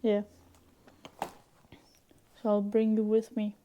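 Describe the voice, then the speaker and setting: Soft-spoken young woman from Denmark. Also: mid-range voice, monotone, extremely slow, a little hiss or hum. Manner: chatty, hesitant with many fillers, sometimes half-whispering. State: sick, in bed. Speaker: vlogger. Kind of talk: casual vlog to camera.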